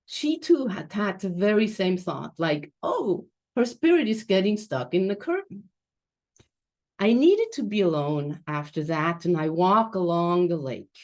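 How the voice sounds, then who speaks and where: A woman from Switzerland giving a reflective, measured personal storytelling talk as a guest speaker over a video call. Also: lowish voice, darkish tone. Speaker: guest speaker, transition coach.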